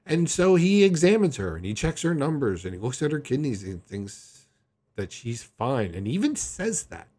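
A man with a husky, slightly breathy voice tells a long personal story straight to his viewers. His delivery is casual and rambling, jumping between details and often stumbling over his restarts. His pitch sits in the middle range for a man. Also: moderate pace. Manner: rambling, animated retelling with frequent restarts. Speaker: vlogger.

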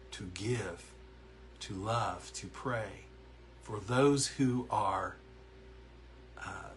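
A man teaches an online Bible lesson from his counseling office, in an even, middle-pitched voice. He talks with earnest energy and answers viewers' comments as he goes. A faint hum of the room sits behind him. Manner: earnest, animated, reads verses aloud and reacts to typed comments.

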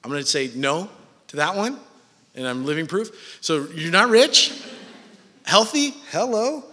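A man's voice: fairly high pitch, lively intonation, normal speed, pushed and bright, big-room sound. A man preaching a sermon in a church, casual and joking with his listeners between points. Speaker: pastor.

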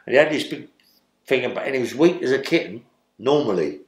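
A man's voice: medium pitch, animated, a little fast, roomy sound. An older man from London with a London accent, telling a rambling prison story in an interview and checking in with "yeah?". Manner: rambling, keeps adding "yeah?". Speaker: interviewee, former criminal.

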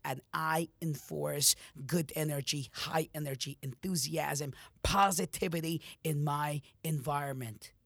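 A man's voice: on the high side, creaky, fairly bright tone, no room sound. A man hosting a motivational podcast, giving a blunt, profane pep talk straight to his listeners. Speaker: podcast host, motivational speaker. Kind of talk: motivational monologue.

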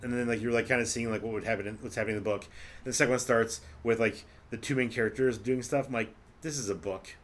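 A man's voice: mid-range voice, fairly even intonation, fast. A man co-hosting a casual movie podcast, rambling and talking with lots of fillers. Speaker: podcast co-host. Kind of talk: casual chat.

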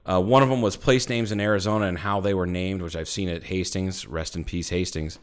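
A man's voice: low-pitched, fairly even intonation, a little fast, clear, resonant tone. A man co-hosting a casual podcast from an airplane hangar at night, rambling through stories with lots of restarts and swearing. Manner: rambling storyteller, swears freely, many restarts. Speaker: podcast co-host. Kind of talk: casual chat.

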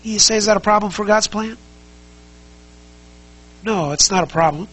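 A man's voice: sits high, normal speed, a bit bright, low-quality recording. A man preaching a sermon as pastor, conversational and emphatic, asking the congregation many rhetorical questions and repeating key phrases.

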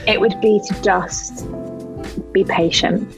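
A woman's voice: medium pitch, steady tone, slow pace, gravelly, music in the background, low-quality recording. A woman, a podcast guest talking candidly, earnest and thoughtful as she searches for words. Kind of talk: candid interview talk.

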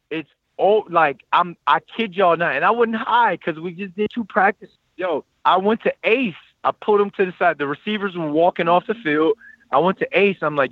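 A man in his thirties casually telling a personal story, animated and acting out what others said. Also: high voice, normal speed, no echo, highs cut off. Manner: animated, quotes people in lively voices.

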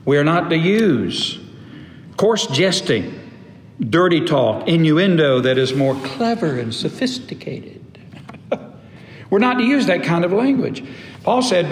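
A middle-aged male pastor preaching with a fairly high voice, punching single words and then dropping almost to a hush. The sermon is caught in a reverberant church sanctuary, with faint ambience beneath it. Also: slight background noise. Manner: emphatic preaching with pauses and sudden drops. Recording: echoey hall, faint room ambience.

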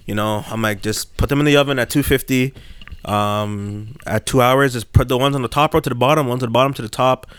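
A young man on a podcast, telling a long story in a laid-back, rambling way, with laughs that jump high. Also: steady tone, brisk, a bit bright, clear, resonant tone, no room sound. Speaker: podcast host. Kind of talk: casual storytelling chat.

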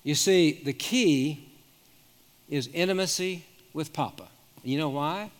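A man's voice: on the high side, slow. Older man preaching in an echoing hall. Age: 70s. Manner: earnest storytelling with frequent restarts. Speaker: pastor. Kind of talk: sermon with personal stories. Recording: long reverb of a large hall.

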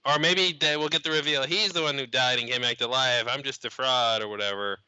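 A man's voice: medium pitch, fairly even intonation, a little fast, pushed and bright, clear, resonant tone, lo-fi sound. A man hosting a podcast, chatting casually and playfully, often laughing and slipping into mock voices. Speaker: podcast host. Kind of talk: casual chat.

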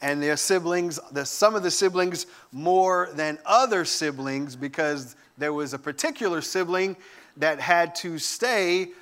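A man giving a sermon, telling lively family stories with humor and enthusiasm. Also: on the high side, measured pace. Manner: animated storytelling with humor. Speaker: guest preacher.

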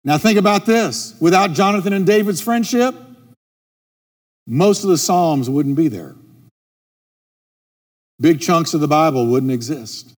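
A man's voice: a little high, unhurried, pauses often. A middle-aged man preaching a sermon as a pastor, driving his points home by repeating key phrases. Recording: long reverb with soft music.

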